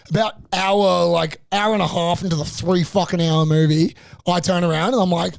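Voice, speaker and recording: A man's voice: high-pitched, fairly quick, vocal fry, no echo, studio quality. A young man, ranting through a funny story on a casual podcast, swearing constantly. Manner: animated, profane ranting storyteller. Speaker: podcast co-host.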